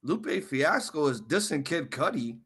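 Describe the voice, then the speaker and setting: A man hosting a live wrestling reaction stream, ranting angrily and swearing, swinging from muttering to shouting. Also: on the high side, big pitch swings, a little slow, breathy edge. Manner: angry, profane ranting.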